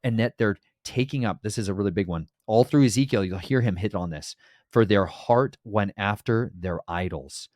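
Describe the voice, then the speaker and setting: A man giving a casual, animated Bible teaching who talks straight to listeners and acts out the voices he quotes. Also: fairly low pitch, moderate pace, dry recording, clean studio sound.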